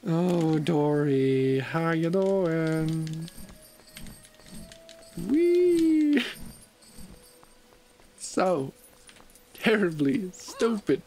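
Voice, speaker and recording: A man's voice: fairly high pitch, extremely slow, darkish tone. A man streaming a video game, grumbling in frustration and calling himself an idiot as he plays. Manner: frustrated, self-deprecating grumbling. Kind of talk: casual gameplay commentary.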